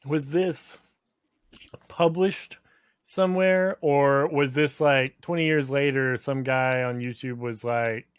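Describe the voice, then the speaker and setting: A man's voice: mid-range voice, steady tone, slow pace, smooth, dry recording. Curious man asking questions, dry sound. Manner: inquisitive, asks follow-up questions. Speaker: podcast co-host. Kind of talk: casual podcast chat.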